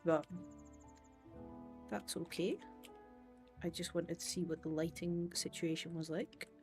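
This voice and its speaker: Woman game streamer, unhurried, chatty, thinks out loud, gets excited fast. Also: lowish voice. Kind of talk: casual livestream commentary while playing.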